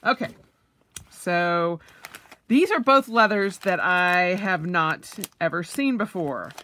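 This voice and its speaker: A woman's voice: on the low side, lively intonation, slow, sharp tone, a little hiss or hum. A woman vlogger, middle-aged, unboxing purchases in a casual vlog, gushing with oohs and yays.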